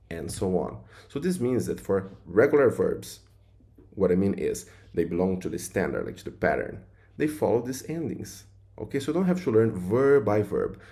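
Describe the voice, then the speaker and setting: Male teacher, low warm voice, relaxed filler-heavy explaining. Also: creaky. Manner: loose, repetitive explaining with many fillers. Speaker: language teacher. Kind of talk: explaining grammar to viewers.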